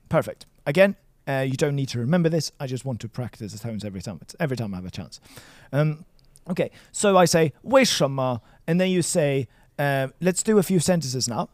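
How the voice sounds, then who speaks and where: A man's voice: fairly high pitch, expressive, fairly quick, hardly any pauses, a little mellow, no echo, studio quality. A man from Sweden tutoring Chinese in a casual lesson, encouraging and playful, praising his student often. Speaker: language tutor.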